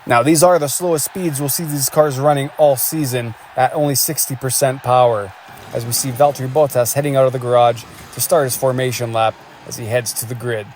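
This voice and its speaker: A man giving energetic play-by-play commentary on a race as the show's host, calling lap times and cheering the drivers on. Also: medium pitch, fairly quick, a little hiss or hum.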